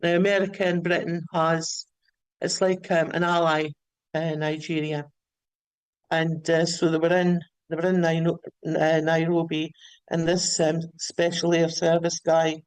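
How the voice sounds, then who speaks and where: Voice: mid-range voice, dry recording, rough recording. A caller telling a story at length, often restarting and repeating words, on a remote line. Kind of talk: rambling storytelling.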